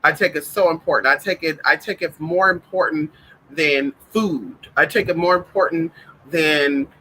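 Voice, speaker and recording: A man's voice: a little high, normal speed, bright, forceful tone, slight background noise, rough recording. A man hosting a spiritual livestream in casual chat. He talks effusively, repeats himself, swears freely, and calls viewers "honey.".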